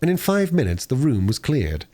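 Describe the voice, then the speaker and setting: A man reading a classic novel aloud in an expressive, lively storytelling manner, with the odd small slip. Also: medium pitch, normal speed. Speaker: audiobook reader.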